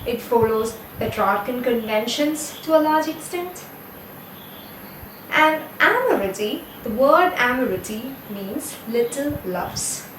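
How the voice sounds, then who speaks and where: A woman's voice: fairly high pitch, animated, slow pace, a bit bright, a little hiss or hum. A woman with an Indian English accent giving a recorded literature lecture, explaining steadily and correcting herself now and then. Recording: echoey room, voice from a distance, faint ambience.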